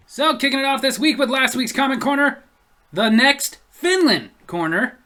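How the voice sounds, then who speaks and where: A man's voice: very high-pitched, sharp tone. Man reading comments like a newscaster. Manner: mock newscaster delivery. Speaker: comedy vlogger reading viewer comments.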